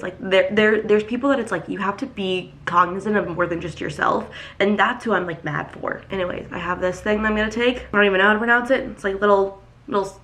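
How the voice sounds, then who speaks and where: A woman's voice: mid-range voice, slight background noise. A woman in her twenties, congested and sick, ranting in a casual vlog with lots of filler words. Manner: animated, ranting, filler-heavy. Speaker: vlogger. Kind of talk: casual vlog talk to camera.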